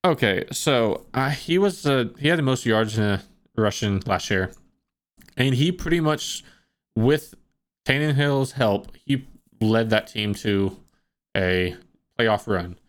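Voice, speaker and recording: A man co-hosting a sports podcast in a relaxed, hesitant way, with many "uh" and "like" fillers. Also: mid-range voice, slow pace. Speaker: podcast co-host. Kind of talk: casual sports chat.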